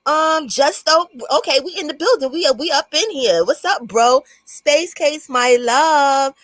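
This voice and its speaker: A woman's voice: high-pitched, measured pace, a bit bright, no room sound, low-quality recording. A woman hosting a casual livestream, greeting viewers by name and commenting bluntly with plenty of profanity. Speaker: livestream host.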